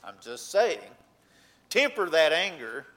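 Bright-voiced preacher man, emphatic. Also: big pitch swings, slow. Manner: earnest, rising to emphatic points then dropping low. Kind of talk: sermon.

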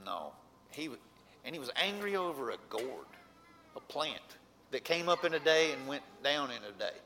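A man preaching a sermon, earnest, rising to emphatic points and then dropping low. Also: pushed and bright, slight background noise.

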